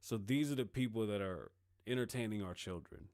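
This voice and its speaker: A man's voice: fairly low pitch, brisk, a little mellow, no echo, studio quality. Rambling, profane middle-aged male host. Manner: loose, rambling, profane and sarcastic. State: says he is high, with dry mouth. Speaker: show host. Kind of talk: casual political commentary.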